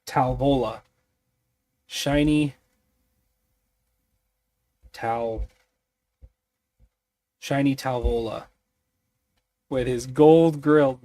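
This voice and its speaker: A sleepy man thinking aloud in a halting, musing way as he rolls on tables to design a tabletop mystery. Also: medium pitch, fairly even intonation, dark tone. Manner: musing, halting, many fillers.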